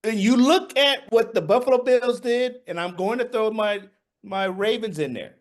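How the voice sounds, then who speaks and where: A man's voice: high voice, moderate pace. A man co-hosting a sports talk show, talking football in playful, slangy banter and laughing often. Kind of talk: casual sports debate.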